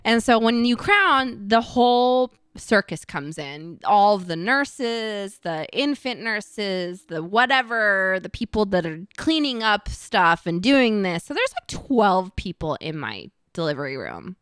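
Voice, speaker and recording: A woman's voice: mid-range voice, sing-song, a little slow, few pauses, a bit bright, clean tone, no room sound, clean studio sound. A young woman co-hosting a podcast, telling a story in a casual chat and acting out the quotes with shrieks. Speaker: podcast co-host.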